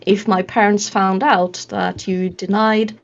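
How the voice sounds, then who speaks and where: A woman's voice: mid-range voice, level tone, takes it slowly, gravelly. A woman voicing an entitled young male noble's son who makes haughty threats about his family's contacts. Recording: dull lo-fi mic.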